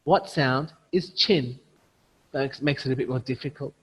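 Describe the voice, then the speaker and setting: A man's voice: mid-range voice, a little slow, a bit bright, slightly rough, long reverb tail. A man running an online teacher training, demonstrating phonics sounds and chanting prompts as he would to young learners.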